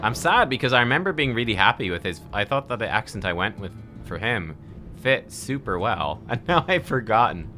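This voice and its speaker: Bright, playful male game streamer. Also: on the low side, big pitch swings, fairly quick, faint music behind. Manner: playful, reads dialogue aloud trying accents. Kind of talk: live game playthrough commentary.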